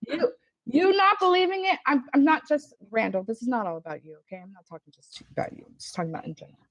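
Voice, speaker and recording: A woman's voice: sits high, quick pace, no echo, low-quality recording. A woman defending herself in a heated casual argument over voice chat, swearing constantly and sounding exasperated. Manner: defensive, profane, exasperated ranting. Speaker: livestream participant.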